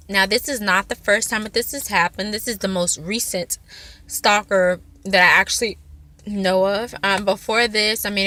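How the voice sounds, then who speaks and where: Woman vlogger, bright tense voice, dry close sound, rambling storytelling. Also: mid-range voice, dry recording. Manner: rambling, filler-heavy, animated retelling. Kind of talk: casual storytelling.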